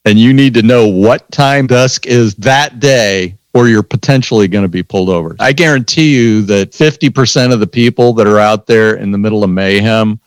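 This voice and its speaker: A man telling stories in a casual chat, animated, acting out both sides of the conversations. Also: fairly low pitch, normal speed, hardly any pauses, no echo. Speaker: podcast host telling stories. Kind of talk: casual storytelling.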